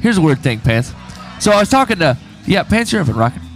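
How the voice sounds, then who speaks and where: A man's voice: on the high side, sing-song, fast talker, soft background music. Rambling, joking man hosting a live webcast. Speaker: webcast host. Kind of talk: casual live broadcast banter. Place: café venue during a live event.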